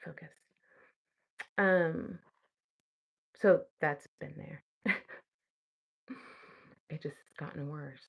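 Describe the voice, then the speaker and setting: A woman's voice: deep voice, steady tone, extremely slow, gravelly, long pauses, fairly bright tone, husky. A young woman vlogging in a casual, chatty way, talking to herself and laughing at her own slips. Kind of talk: casual chat while studying a language.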